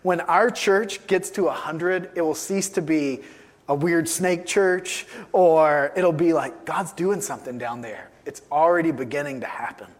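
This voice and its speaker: An emphatic male pastor delivers a sermon and drives his points home by repeating key phrases. His voice sits a little higher than most men's. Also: measured pace.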